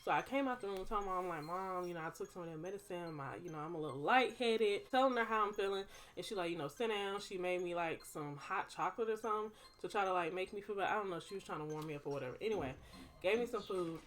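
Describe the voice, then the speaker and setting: A woman's voice: on the low side, fast, fairly bright tone. A young woman, telling a personal story to her viewers in a chatty, dramatic way. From Texas. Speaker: vlogger. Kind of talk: casual storytime.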